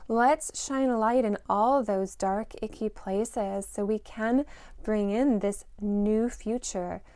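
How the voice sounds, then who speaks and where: A woman giving a spoken intuitive reading to parents, gentle and reflective, musing aloud with fillers. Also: medium pitch, takes it slowly, no room sound. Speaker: intuitive reader.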